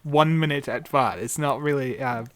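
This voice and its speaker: A man's voice: mid-range voice, normal speed, no room sound. A man co-hosting a casual podcast chat, agreeable and explaining his points earnestly. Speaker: podcast co-host.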